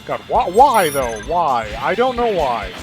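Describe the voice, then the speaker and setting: Weary, high-pitched male let's-play host, rambling and self-mocking, game music underneath. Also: big pitch swings, takes it slowly. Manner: rambling, self-deprecating, wry. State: exhausted. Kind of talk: gameplay commentary.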